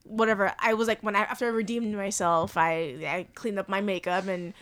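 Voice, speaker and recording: A young woman, a stand-up comic, telling stories in casual chat, quick and animated. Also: mid-range voice. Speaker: stand-up comedian.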